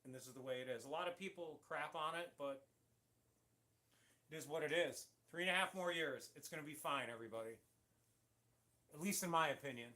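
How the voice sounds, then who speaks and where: A man's voice: a little high, brisk, pauses often, bright, forceful tone. A middle-aged man from Syracuse, New York, rambling through a casual livestream chat with many restarts. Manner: rambling, chatty, frequent restarts. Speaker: livestream host.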